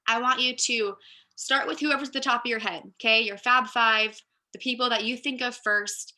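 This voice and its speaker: A woman with a very bright, forward voice gives a casual training talk to her team. She sits a little above the usual pitch for a woman and talks in a chatty, upbeat, direct way. Her speech is full of "like" and "you guys" as she coaches. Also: fairly even intonation, normal speed. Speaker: team leader.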